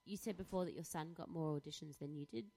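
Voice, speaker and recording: A woman's voice: low voice, quick pace, mellow. A woman hosting a casual interview, asking questions and dropping blunt, joking remarks. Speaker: host.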